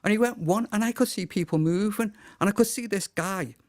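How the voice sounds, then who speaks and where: Man, Liverpool accent, middle-aged, pastor, storytelling, fairly high voice, dry sound. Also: a little fast, no room sound. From Liverpool, England. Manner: vivid storyteller, acts out quotes. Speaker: pastor, guest. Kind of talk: storytelling in casual chat.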